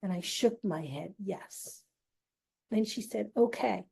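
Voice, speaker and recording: A woman telling an emotional personal story, speaking haltingly with long pauses and emphasis. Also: mid-range voice, gravelly, darkish tone, slightly rough.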